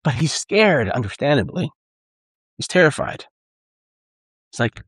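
A man's voice: mid-range voice, big pitch swings, moderate pace, pauses often, no room sound. A man preaching a sermon in an earnest, conversational way, often repeating and restarting phrases. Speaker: pastor.

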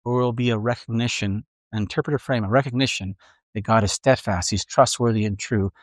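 A male pastor delivers an earnest, reflective sermon, pausing to let his points land. His voice sits at an ordinary middle pitch. The sound is dry, with almost no room echo. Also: fairly even intonation. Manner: earnest, reflective preaching with pauses. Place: church room with a congregation.

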